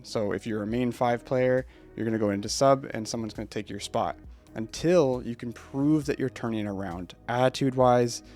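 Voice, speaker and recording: A young man with a congested cold, the founder of an esports team, giving an unedited, rambling announcement from his home streaming setup. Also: medium pitch. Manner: rambling, relaxed, with fillers. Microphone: streaming mic.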